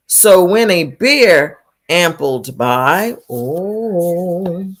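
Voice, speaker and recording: A woman reading a picture book aloud to children, animated and exclamatory, stopping to ask them questions. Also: low voice, slow pace. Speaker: storytime reader for children.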